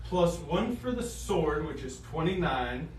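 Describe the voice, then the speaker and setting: A man playing a tabletop game, slowly counting out his dice rolls. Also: on the high side, very animated. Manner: slow, counting out dice math. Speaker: player. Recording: roomy, distant mic, faint hum.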